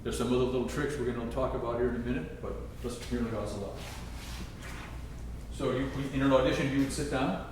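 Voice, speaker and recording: Here the man's voice is mid-range and fairly even, moving a little fast against a noisy background. He teaches a trombone masterclass in a chapel used as a concert hall, scat-singing phrases to show how to play them, picked up from far off by a room mic in the echoey space.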